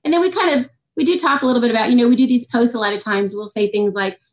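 Here is a woman in her forties who talks quickly and with a lot of life as she tells a story. Her voice sits a little high. She shifts her pitch to play the people she quotes, and she speaks as a guest in an interview. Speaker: guest author. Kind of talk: testimony in an interview.

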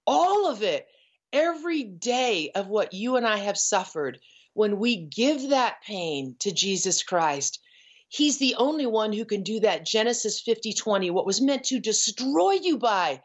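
A middle-aged woman giving an earnest, emotional personal testimony as a guest, pausing and restarting as she tells her story. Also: mid-range voice, very animated. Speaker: guest, ranch founder. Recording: dull lo-fi audio.

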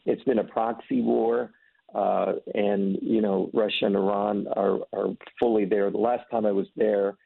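A low, gravelly man with a husky edge talks earnestly, slipping into voices for the people in his stories. He comes through a thin, tinny phone line with a dry sound. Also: flat delivery, unhurried, no room sound. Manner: earnest storyteller, acts out voices in anecdotes. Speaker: ministry leader. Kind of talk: conversational testimony.

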